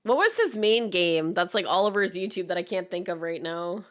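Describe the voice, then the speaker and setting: A woman's voice: lowish voice, expressive, a little fast. A woman from Canada chatting casually and laughing often while she streams a speedrun attempt. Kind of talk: casual live-stream chat while gaming.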